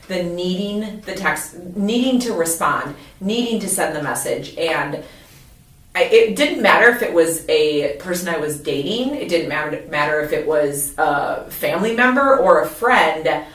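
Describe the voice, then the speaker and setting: A woman's voice: fairly low pitch, a bit bright. A woman co-hosting a podcast, telling candid, confessional stories about her own past in casual chat. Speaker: podcast co-host. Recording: roomy echo, mic at a distance.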